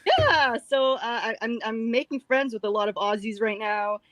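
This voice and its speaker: A woman's voice: on the high side, lively intonation, normal speed, a bit bright, dry recording. A woman chatting casually as a livestream guest, talking about her online work and laughing often. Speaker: guest, former cabin crew content creator.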